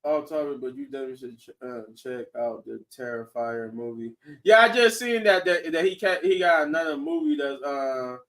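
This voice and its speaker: A man hosting a casual online show, talking in an excited, rambling way and laughing often. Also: medium pitch, normal speed, few pauses. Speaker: show host. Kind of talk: casual chat reacting to viewers.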